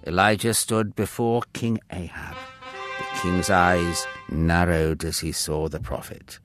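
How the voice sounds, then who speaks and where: A man narrating a children's Bible story with expressive storytelling. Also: low voice, takes it slowly, music in the background.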